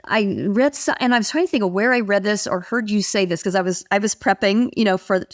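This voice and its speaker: An older woman speaks as a guest expert in a conversational interview. Her delivery is animated, and she slips into the voices of the people she quotes as she tells her stories. Her pitch sits in an ordinary middle range. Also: a little fast.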